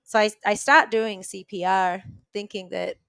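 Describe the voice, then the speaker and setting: A woman's voice: medium pitch, steady tone, measured pace, creaky, a bit bright, clear, resonant tone, no echo. A woman guest on a podcast vividly retelling a story, with lots of "like" fillers. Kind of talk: conversational storytelling.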